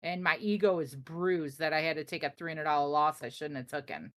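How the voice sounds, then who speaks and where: A woman's voice: low voice, fairly quick. A young woman from the Chicago area with a Chicago accent, chatting casually and brashly with her live-stream audience while she trades. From Chicago area, USA. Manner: animated, brash and joking with chat.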